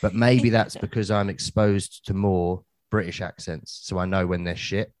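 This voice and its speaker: A man chatting casually on a podcast, joking and swearing, often pausing with ums. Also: sits low, fairly even intonation, a little mellow, no echo. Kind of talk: casual chat.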